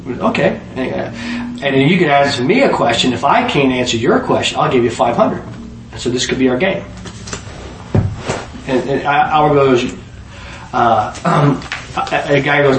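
A man preaching a sermon, telling stories and jokes, rising loud to drive points home, then dropping low. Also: moderate pace, a little hiss or hum. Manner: lively storyteller, rises loud to preach then drops low. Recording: echoey room heard from a distance.

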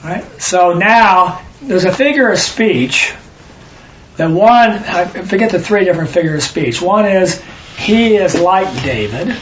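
Man, Bible study teacher, high pitch, corrective explaining style, faint hiss behind. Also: lively intonation, measured pace, muffled recording. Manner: explanatory, stops readers to correct and stress words.

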